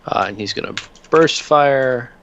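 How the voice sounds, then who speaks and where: A man narrating a tabletop game as game master, relaxed and full of filler sounds. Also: mid-range voice, a little slow, dull audio, a little hiss or hum.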